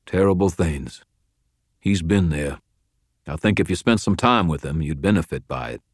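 A man putting on a gruff old folksy wizard. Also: low-pitched, animated, normal speed, no room sound, clean studio sound. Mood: firm. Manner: blunt, drawling, scolding. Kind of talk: audiobook character voice.

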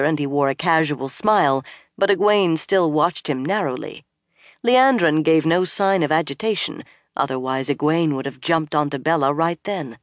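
A narrator reading a fantasy novel aloud in a steady, measured manner. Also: mid-range voice, no room sound, studio quality. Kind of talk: audiobook narration.

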